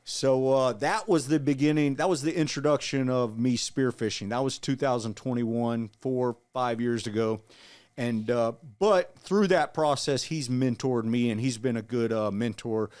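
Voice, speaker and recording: A man in his forties telling his story in an interview, earnest and halting, with frequent restarts. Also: mid-range voice, darkish tone, smooth. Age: 40s. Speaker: guest, Marine veteran.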